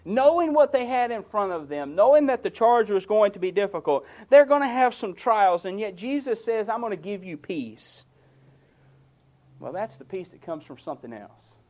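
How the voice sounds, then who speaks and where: A man preaching a sermon to his congregation, earnest, swinging between raised emphasis and quiet, drawn-out asides. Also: high voice.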